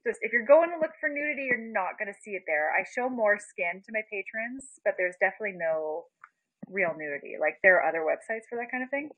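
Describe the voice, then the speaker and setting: A woman's voice: mid-range voice, dry recording, narrow, tinny audio. A young woman from Canada chatting casually on a phone live stream, greeting viewers by name and giggling as she talks. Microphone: phone being propped up.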